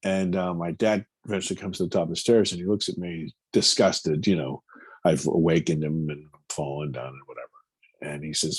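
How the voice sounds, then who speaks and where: A man in his fifties, a film producer, earnestly recounting a personal story in an interview, halting and repeating words as he goes. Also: low voice, slightly rough, no room sound.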